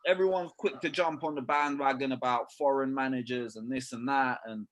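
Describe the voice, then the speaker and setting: A man's voice: mid-range voice, fairly even intonation, brisk, noisy background. A young man, talking football in a casual podcast chat, full of slang and swearing. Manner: slangy, swearing, keeps saying "bruv". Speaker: podcast co-host.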